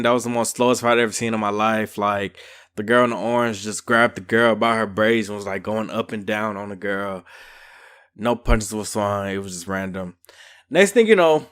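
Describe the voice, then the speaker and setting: A man's voice: lowish voice, clear, resonant tone. A man giving a casual, slangy recap and review of a reality show episode. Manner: chatty, slangy, lively storytelling.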